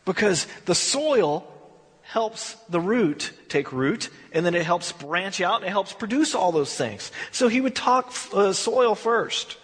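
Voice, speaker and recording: A man's voice: high-pitched, lively intonation, takes it slowly, breathy edge. A man teaching a verse-by-verse Bible study in a casual, storytelling way, acting out bits of dialogue. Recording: echoey hall.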